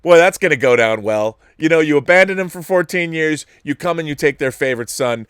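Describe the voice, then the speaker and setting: A man's voice: on the high side, lively intonation, fairly quick, a bit bright, smooth, no room sound, studio quality. A middle-aged man hosting a casual solo commentary show, rambling and laughing often between thoughts. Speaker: show host.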